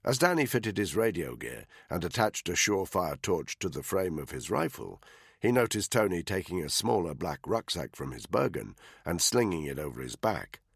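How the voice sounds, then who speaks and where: Male narrator, audiobook, measured, deep voice, husky, dry close sound. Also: big pitch swings, no echo. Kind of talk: scripted narration.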